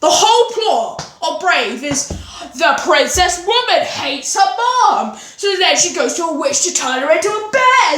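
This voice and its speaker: High bright rambling young speaker from England. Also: female voice. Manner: rambling, scatterbrained, lots of "anyways" and restarts. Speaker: vlogger. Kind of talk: casual movie ranking chat. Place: home kitchen. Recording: echoey kitchen with faint birds.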